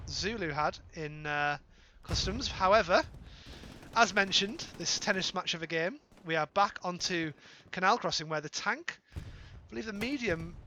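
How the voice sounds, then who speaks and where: A British man calling a live game match, his voice bright and sitting a touch high. He talks playfully, throwing in jokes and correcting himself on the fly, with a faint hiss behind him. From Britain. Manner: playful, joking asides and quick self-corrections. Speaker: esports caster.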